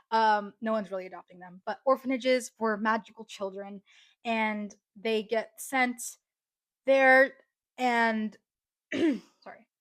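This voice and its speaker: A young woman talks through a book review in a loose, excited ramble, full of fillers and restarts. Her voice sits a little high. The recording is dry and close, with no room sound. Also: no echo. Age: young adult. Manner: chatty, gushing, many fillers. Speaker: book vlogger.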